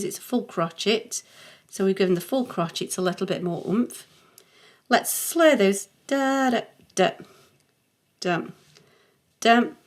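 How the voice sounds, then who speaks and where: A middle-aged woman, a music theory teacher talking through a worked exercise patiently and thinking aloud as she writes. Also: medium pitch. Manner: patient, thinking aloud, sings short note sounds.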